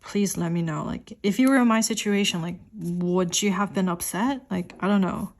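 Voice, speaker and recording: A woman's voice: medium pitch, normal speed. A young woman chatting in a voiceover while she sets up a planner, rambling and filling her sentences with "like". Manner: rambling, says "like" constantly; quotes her partner in a raised voice. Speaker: planner vlogger.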